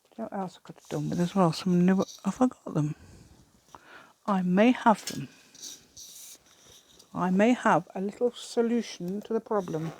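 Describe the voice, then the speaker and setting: A woman's voice: mid-range voice, moderate pace, pauses often, darkish tone. A British woman hosting a craft channel, chatting through a crafting demonstration and rambling to herself with giggly asides.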